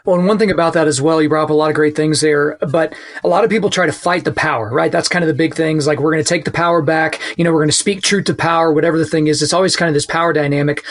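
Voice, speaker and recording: A man's voice: a little high, steady tone, rapid-fire, hardly any pauses. A man hosting a podcast, asking a long and casual rambling question. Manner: rambling, casual, many fillers before getting to the question. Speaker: podcast host.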